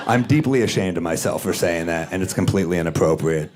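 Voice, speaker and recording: A man doing stand-up comedy on stage, telling a story with a wry, self-deprecating delivery and quick jumps into acted-out voices. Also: low voice. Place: comedy stage before a live audience. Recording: clear audience noise. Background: audience laughter.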